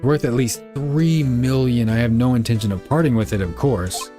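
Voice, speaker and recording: A man's voice: medium pitch, moderate pace, dark tone, faint music behind, lightly acted. A man voicing a pompous, evasive older male lawyer who hems and haws. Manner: stuffy, hemming and hawing.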